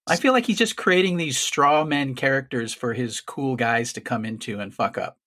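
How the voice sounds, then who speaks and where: A man's voice: medium pitch, normal speed, pushed and bright. A man co-hosting a casual film podcast, bluntly criticizing a plot and swearing freely. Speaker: podcast co-host.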